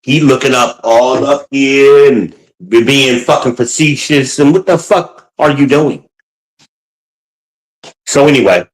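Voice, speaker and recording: Profane, animated man ranting at home. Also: medium pitch, measured pace, low-quality recording. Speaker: podcast host. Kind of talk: casual ranting vlog. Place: at home, moving between rooms.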